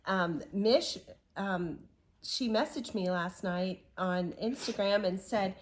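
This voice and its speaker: A woman's voice: mid-range voice, slow. An American woman co-hosting a casual craft chat, still getting over an illness, giggling often. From United States. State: recovering from illness, wheezy. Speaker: co-host.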